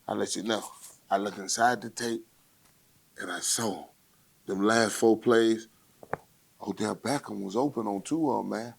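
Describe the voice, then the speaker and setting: A man in his forties hosting a solo sports podcast rundown, loud and swaggering, talking trash straight to his listeners. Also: fairly low pitch, steady tone, moderate pace, vocal fry. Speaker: podcast host.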